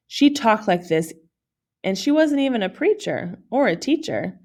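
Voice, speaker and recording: A woman's voice: fairly high pitch, very animated, a little slow, a little mellow. A woman reading a children's novel aloud in plain storytelling style, with small slips that she corrects. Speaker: audiobook reader.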